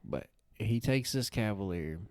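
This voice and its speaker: A man with a lowish voice talks at a measured pace, with no echo. He's a podcast co-host telling a long, rambling, profane story with lots of swearing, animated throughout this casual storytelling chat.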